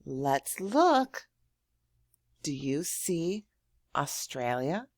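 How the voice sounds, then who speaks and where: A woman teacher speaks very slowly to young children, her lowish voice swooping up on words of praise. She draws words out and hums while thinking. The sound is dry and close. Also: big pitch swings, no echo. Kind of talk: slow, encouraging lesson for young children.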